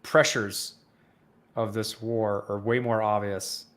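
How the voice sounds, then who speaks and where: A man's voice: on the low side, flat delivery, slow. A man co-hosting a podcast in casual chat, earnestly explaining at length. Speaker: podcast co-host.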